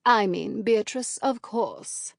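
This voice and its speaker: A woman's voice: medium pitch, slow pace, gravelly, no echo, clean studio sound. A woman narrator voicing a sweet, earnest young woman friend who gushes and slips into mock-formal speech.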